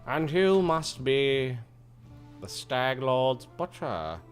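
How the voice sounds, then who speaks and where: A man's voice: medium pitch, big pitch swings, very slow, soft background music, voice pushed up. A man voicing a haughty, arrogant male noble baron, with a pompous, drawling delivery.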